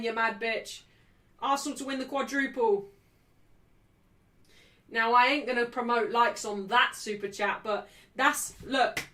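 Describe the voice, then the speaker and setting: A woman hosting a football watchalong stream, calling the play, cheering loudly and joking brashly with her live chat. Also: fairly high pitch. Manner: excitable, shouting cheers at big moments. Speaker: livestream host.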